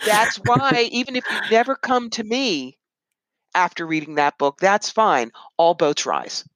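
A woman psychic medium and author, a guest in an interview, telling animated stories and putting on voices when she quotes people. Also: medium pitch, unhurried, no echo, poor audio. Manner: animated, puts on voices when quoting others. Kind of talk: conversational interview storytelling.

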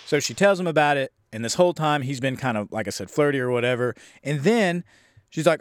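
A young man casually reviewing an old horror film, rambling, sarcastic and profane, acting out scenes in quick voices. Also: fairly high pitch, expressive, no echo.

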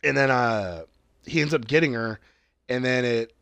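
A man in casual chat, retelling a TV episode in a rambling, profane way and jumping up in pitch to quote the characters. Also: moderate pace, a bit bright, clean tone, no room sound.

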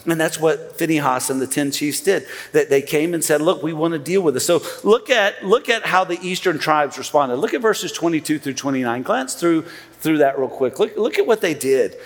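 Male pastor, higher-pitched and animated, sermon in a reverberant church hall. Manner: animated, acts out quoted voices, repeats words when restarting.

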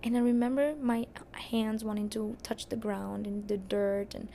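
A young adult woman hosting a podcast, candidly telling a personal story in a casual, expressive way and cursing now and then. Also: medium pitch, moderate pace, gravelly, slight background noise. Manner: candid and expressive, swears and laughs at herself. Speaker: podcast host.

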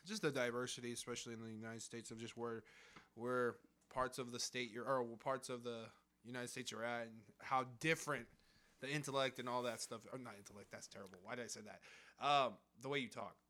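A man's voice: mid-range voice, steady tone, brisk, bright, forceful tone. Rambling, jokey young man. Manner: rambling, jokey, restarts often. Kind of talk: casual chat.

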